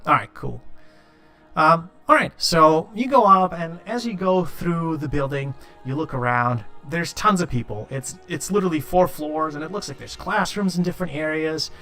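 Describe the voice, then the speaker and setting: A man's voice: fairly high pitch, moderate pace, hardly any pauses, a bit bright, faint music behind. A man narrating as game master in a tabletop game, casual and full of fillers.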